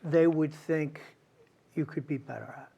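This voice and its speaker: A man's voice: fairly high pitch, a little slow, vocal fry, warm tone, breathy edge. A man hosting an interview who asks probing, reflective questions in a conversational way. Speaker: interview host.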